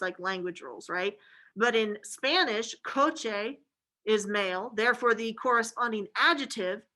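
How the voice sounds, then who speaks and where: Woman teacher, fairly high and bright voice, casual filler-heavy lecturing. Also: poor audio. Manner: casual and chatty, many fillers like "like" and "okay". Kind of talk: classroom lecture.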